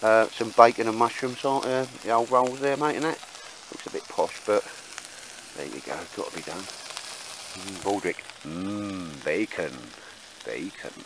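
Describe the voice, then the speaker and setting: A man's voice: mid-range voice, animated, moderate pace, background noise. A man chatting casually in a rambling way with lots of fillers while he shows his camp gear outdoors in the woods. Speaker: bushcraft vlogger.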